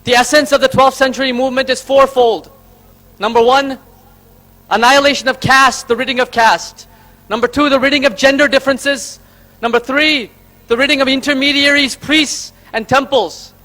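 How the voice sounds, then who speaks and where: A man's voice: very high-pitched, fairly even intonation, moderate pace, bright, forceful tone. A man from Karnataka, giving an emphatic public speech from a stage and listing his points in order. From Karnataka, India. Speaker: invited speaker.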